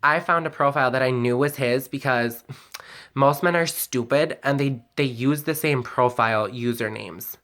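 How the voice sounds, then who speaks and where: A man's voice: mid-range voice, normal speed, fairly bright tone. A man telling a personal story in a confessional vlog, candid and emotional, rambling with many "like"s and the odd swear word. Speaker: vlogger.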